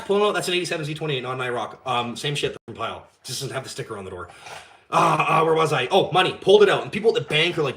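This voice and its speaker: A young man, hosting a live stream and telling a story in casual, animated chat, swearing freely and acting out the dialogue. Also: a little high, quick pace. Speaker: channel host.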